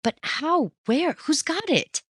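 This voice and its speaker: A reader voicing an earnest young male sidekick who protests and takes offence quickly, in an audiobook reading. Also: mid-range voice, expressive, fairly bright tone, no echo, studio quality, voice pushed up, lightly acted. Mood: excited.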